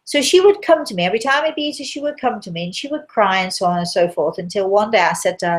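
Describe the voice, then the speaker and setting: Woman hosting a live show, chatty and animated, telling stories, mid pitch. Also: fast talker, few pauses. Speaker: host. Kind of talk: casual live show talk and storytelling.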